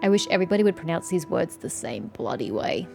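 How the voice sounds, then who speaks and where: A woman's voice: on the low side, big pitch swings, quick pace, creaky. A woman doing let's-play commentary, sarcastic and sweary, ranting about the game. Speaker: gaming streamer. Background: faint game music.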